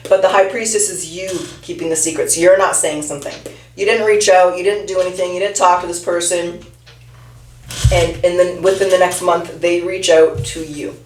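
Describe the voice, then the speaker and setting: A woman's voice: on the low side, steady tone, normal speed, a little mellow. A woman giving a casual tarot reading, chatting straight to her viewer. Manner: chatty, addresses the viewer directly. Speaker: tarot reader. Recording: echoey room, mic at a distance, faint noise.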